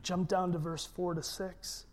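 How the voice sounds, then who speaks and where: Slow, emphatic preacher. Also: medium pitch, level tone, a little mellow. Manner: emphatic, leads congregation in repetition. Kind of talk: sermon.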